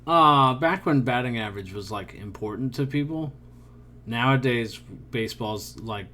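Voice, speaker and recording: There's a little hiss or hum behind this mid-range, sharp-toned male co-host as he chats about baseball at a moderate pace. Casual and rambling, he often trails off and laughs.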